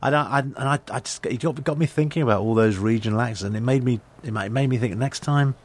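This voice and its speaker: A man's voice: mid-range voice, quick pace. A man with an English accent telling anecdotes in a casual conversation, often restarting and repeating words. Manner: chatty storyteller with frequent restarts and stammered repeats. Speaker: actor, guest.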